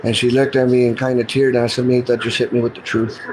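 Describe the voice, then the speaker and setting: Middle-aged man, earnest and plain-spoken, mid-pitched voice, telling his own story, faint hiss behind. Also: flat delivery, fast talker, darkish tone, low-quality recording. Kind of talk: casual personal storytelling.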